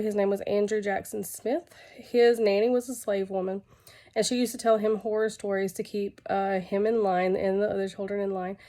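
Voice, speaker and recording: A young woman losing her voice and feeling unwell, presenting her research in an informal video, halting and full of fillers. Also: medium pitch, dark tone. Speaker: graduate student presenting research.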